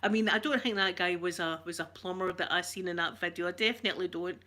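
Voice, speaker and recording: A Scottish woman with a bright, clear voice talks straight into a close mic. She rambles from one joke to the next and answers her viewers' comments as they come in. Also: lowish voice, fast talker. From Scotland. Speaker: ASMR channel host. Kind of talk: chatty live-stream talk.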